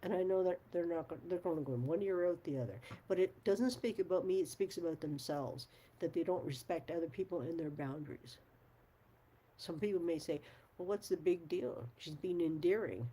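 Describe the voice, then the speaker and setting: A frank, emphatic middle-aged woman talks straight to her viewers. Her voice sits low, mellow and husky, and she drops the odd curse word as she makes her point. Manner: frank, emphatic, swears, laughs often. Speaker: channel host. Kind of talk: casual talk to camera.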